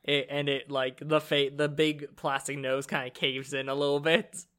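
A player in a tabletop game, reacting with quick questions and casual comments. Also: medium pitch, flat delivery, a bit bright, smooth.

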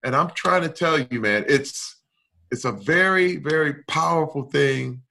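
A middle-aged male guest talks candidly, his voice bright, forceful, and a little high, with vocal fry. He's unhurried yet emphatic and expressive, swinging from loud bursts to quiet stretches.

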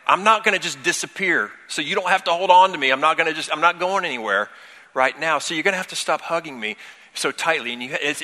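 A middle-aged man delivers a sermon as a pastor, earnest and animated as he leans into personal stories. His voice is very bright and sharp, carrying a long reverb from a large church hall. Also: medium pitch.

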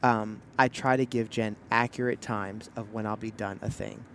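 A man's voice: lowish voice, steady tone, moderate pace, a bit bright, slight background noise. A young man co-hosting a casual couple's podcast. He jokes about himself and defends himself playfully. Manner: joking, self-deprecating, playfully defensive. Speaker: podcast co-host.

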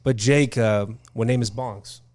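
A young man co-hosting a podcast, tossing in quick wisecracks during casual banter. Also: medium pitch, fairly even intonation, darkish tone. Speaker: podcast co-host.

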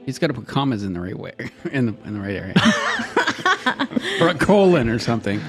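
A man's voice: medium pitch, very fast, faint music behind. Guy at the game table, voice bounces all over, laughs easy. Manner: laughing, lively. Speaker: player. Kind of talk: casual table chat.

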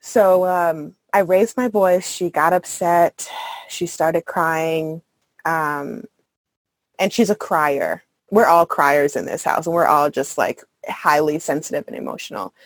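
A mother in her thirties speaks slowly in a low voice as a guest on a podcast, talking earnestly and candidly in casual conversation. She uses many fillers and laughs softly, and the recording is dry.

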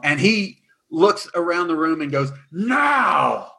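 A man narrating as dungeon master, recapping and describing scenes in a lively way with some fillers. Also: on the high side. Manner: animated, quick recaps with fillers. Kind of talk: tabletop game narration.

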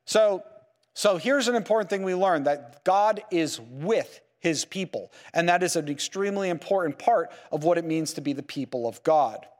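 A man teaching a Bible class, lively and full of rhetorical questions, checking in with "okay?" and "right?" as he goes. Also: fairly high pitch, moderate pace, long reverb tail. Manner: peppers sentences with "okay?" and "right?". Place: lecture room with slides.

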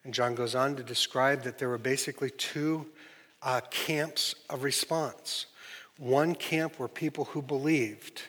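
A man's voice: medium pitch, fairly even intonation, unhurried, a bit bright. A male pastor preaching a sermon, telling the story with animation and acting out the people he quotes. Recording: long reverb of a large hall.

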